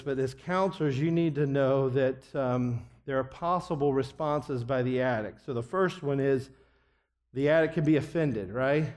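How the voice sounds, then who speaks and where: Middle-aged guy teaching a bible counseling class, kinda high voice, earnest, drops off soft at the end of lines. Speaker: biblical counseling instructor. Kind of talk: classroom lecture.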